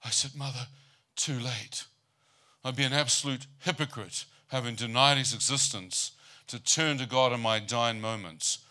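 A man's voice: mid-range voice, normal speed, bright, forceful tone. A man preaching a storytelling sermon about his own life, mixing humor with rhetorical questions to the congregation. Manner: humorous, asks the crowd rhetorical "how many know" questions. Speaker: preacher giving his testimony.

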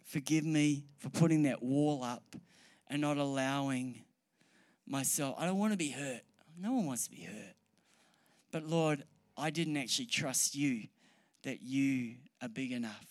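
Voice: medium pitch, measured pace, a little mellow. Earnest preacher who repeats for emphasis. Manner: mixes light humor and banter with the room. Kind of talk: sermon to a live congregation. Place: church hall or meeting room with an audience.

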